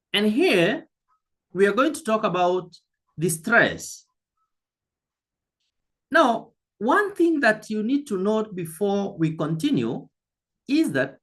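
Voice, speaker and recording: A woman teaching an online language lesson, speaking slowly and deliberately, repeating key words and addressing the learner directly. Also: mid-range voice, a bit bright.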